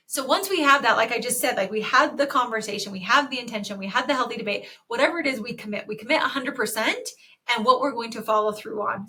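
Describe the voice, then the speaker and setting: A woman hosting a podcast, coaching in a chatty, energetic way and acting out sample conversations. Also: a little high. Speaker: podcast host and dental practice coach. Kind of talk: solo podcast teaching talk.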